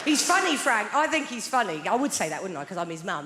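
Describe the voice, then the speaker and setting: A woman's voice: medium pitch, sing-song, fast talker, hardly any pauses, over loud music. A woman in her thirties doing a wry, conversational stand-up routine on a large theatre stage. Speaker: stand-up comedian. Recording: live theatre with hall reverb and audience noise.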